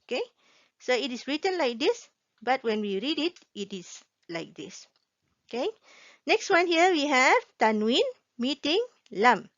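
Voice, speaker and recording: Woman w teaching, slow, bit higher voice, dull dry recording. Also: big pitch swings, fairly bright tone, no echo. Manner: patient, checks in often with "okay?" and repeats each rule. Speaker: Quran recitation teacher. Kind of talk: slow explanatory online lesson.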